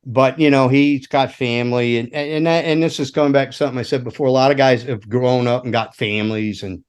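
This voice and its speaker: A man's voice: medium pitch, fairly quick, smooth. A man telling loose, profane road stories from his years as a rock roadie. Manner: animated, profane anecdotes. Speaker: veteran rock roadie guest. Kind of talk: casual storytelling chat.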